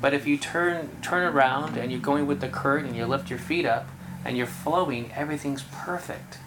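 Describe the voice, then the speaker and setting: Meditation teacher, relaxed and chatty, addressing a roomful of people in a dharma talk. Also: mid-range voice, moderate pace, background noise. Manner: relaxed, conversational, laughs easily. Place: room with about thirty people.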